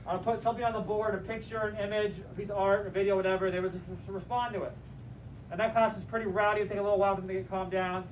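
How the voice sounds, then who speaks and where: A man teaching a class, telling a story in an animated, direct and motivational way. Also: sits high, racing. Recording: distant mic with faint room noise.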